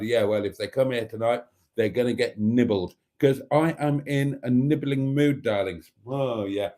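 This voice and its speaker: Man, live stream host, warm mellow tone, theatrical, camp, cheeky. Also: medium pitch, lively intonation, moderate pace. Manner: theatrical, camp, calls viewers darlings; cheeky, mock-rude jokes. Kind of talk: casual live stream chat.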